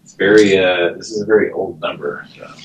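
A man's voice: low voice, steady tone, fairly quick, roomy sound, slight background noise, poor audio. A man hosting a live show, chatting casually and rambling with many fillers. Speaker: show host. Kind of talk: casual late-night chat.

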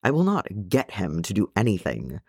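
A stern older dwarf king, proud and guilt-ridden, speaking in a measured and grave way, as a man reads him in an audiobook. His voice sits low and moves with lively inflection, close and dry. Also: slightly rough, no echo, heavily acted. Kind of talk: audiobook fan reading.

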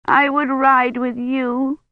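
A woman voicing a small, tearful, stubborn young girl who whines and pleads in drawn-out words. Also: sits high, no room sound, muffled recording, voice pushed up. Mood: whiny. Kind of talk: audiobook character voice.

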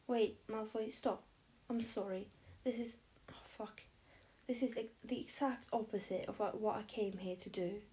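A woman's voice: medium pitch, fairly even intonation, a little slow, mellow, natural voice. A woman reading aloud, voicing an earnest, exasperated teenage boy who talks bluntly and impatiently. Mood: flustered. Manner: blunt, impatient, stammering when flustered.

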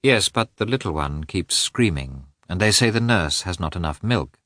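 A man reading the lines of a stiff, formal middle-aged official husband in an audiobook, speaking slowly and with measured care. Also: sits low, expressive, a bit bright, no room sound, studio quality.

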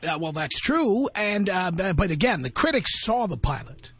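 A man hosting a call-in radio talk show, arguing points quickly and repeating words to press them. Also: high voice, big pitch swings, fairly bright tone, husky, no room sound.

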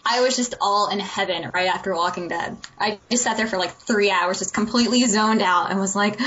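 A woman's voice: mid-range voice, brisk, hardly any pauses, a bit bright, dull audio, slight background noise. Chatty, gushing woman podcast co-host. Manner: enthusiastic, rambling with fillers. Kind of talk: casual chat.

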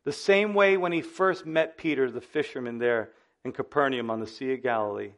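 A male pastor preaching a sermon in an animated, conversational way, often speaking straight to his listeners. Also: medium pitch, normal speed.

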